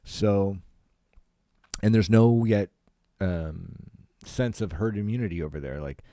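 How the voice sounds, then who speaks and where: A man's voice: fairly low pitch, slow pace, dark tone, no echo, clean studio sound. A Canadian man, a comedian, rambling on his solo podcast from home, swearing often and full of fillers. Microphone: home podcast microphone.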